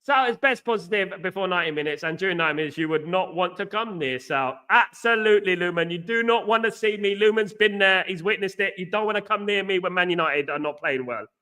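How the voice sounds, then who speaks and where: A fired-up man chats through a football live stream, rambling and passionate as he answers viewers in the chat. His voice sits high for a man and has a bright, forceful edge. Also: fast, few pauses, clear, resonant tone. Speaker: livestream host and football fan.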